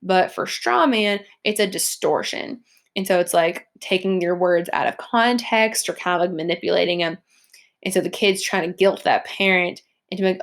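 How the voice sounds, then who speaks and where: A woman's voice: lowish voice, moderate pace. A young woman, teaching a recorded lesson in a chatty way, with many "like" and "um" fillers. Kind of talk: recorded classroom lecture over slides.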